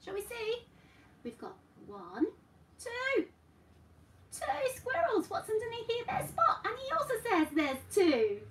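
A woman's voice: very high voice, wildly swooping pitch, a little slow. A woman teaching a class for toddlers, coaxing and playful in a sing-song way. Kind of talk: children's class. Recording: roomy sound, mic at a distance, faint noise.

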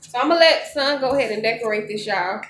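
A woman chats loosely to her viewers, calling them y'all and laughing often. Her voice sits fairly high. The room is echoey, with a faint hiss under it. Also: lively intonation, quick pace. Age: 30s. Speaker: vlogger. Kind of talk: casual vlog chat. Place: home kitchen at night.

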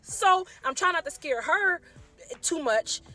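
High bright lady nurse doing story time, chatty and animated, bit of music under it. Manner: animated, colloquial, jumps into loud acted reactions; asks rapid rhetorical questions to the audience. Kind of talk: casual storytelling to camera.

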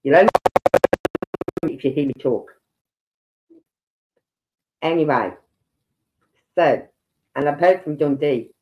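A woman's voice: sits low, slow, long pauses, faint music behind. A woman with a Birmingham accent, chatting casually to a live audience and acting out the voices of people in her stories. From Birmingham, England. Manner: chatty storyteller who acts out quoted voices. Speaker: livestream host. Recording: dull lo-fi stream audio.

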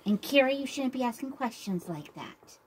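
A woman voicing a vain, bossy girl doll who hosts a tea party and calls herself a queen, talking in a haughty, showy way with drawn-out emphasis. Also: high voice, expressive, a little hiss or hum, rough recording. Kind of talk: doll play role-play.

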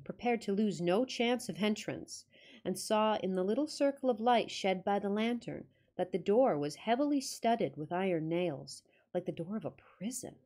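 A woman reads a classic ghost story in a dramatic storytelling voice of middle pitch. Now and then she breaks off for wry, joking asides before going back to the tale. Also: a little mellow. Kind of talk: storybook reading with casual asides.

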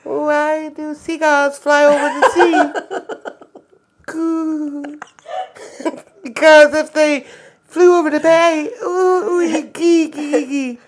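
A man's voice: extremely high pitch, level tone, takes it slowly, long pauses, pitched above the performer's own voice. A man putting on a babbling baby voice to tell a silly joke, cooing goo sounds between words. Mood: giggly.

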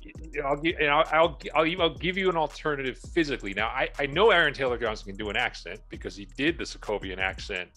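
A man's voice: mid-range voice, lively intonation, fast talker, hardly any pauses, sharp tone, soft background music. A man co-hosting a podcast, giving detailed and opinionated casual commentary on movie casting. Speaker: podcast co-host. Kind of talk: casual pop-culture commentary.

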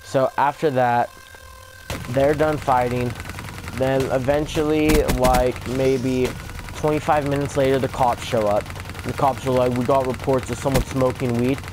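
A man's voice: mid-range voice, flat delivery, measured pace. A young man telling a rambling story-time vlog, swearing often and leaning on "like". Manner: rambling, swears a lot, fillers like "like". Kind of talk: casual story time over gameplay. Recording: gameplay gunfire noise behind. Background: video game gunfire.

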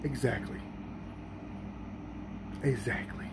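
A man giving casual reaction commentary, animated and repeating himself, stumbling over his words. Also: mid-range voice, takes it slowly, very noisy. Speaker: vlogger.

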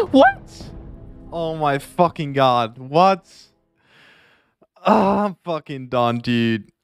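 A young man streaming games live, chatting casually, swearing a lot and reacting loudly to what happens on screen. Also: medium pitch, takes it slowly, clear, resonant tone, no room sound, faint music behind. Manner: excitable, profane, laughing, reacting loudly to the game.

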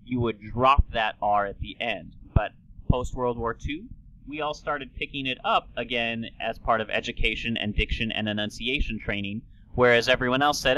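A man's voice: mid-range voice, fairly even intonation, normal speed, bright, forceful tone, rough recording. A man hosting a podcast, explaining things in an enthusiastic, lecturing way. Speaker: podcast host.

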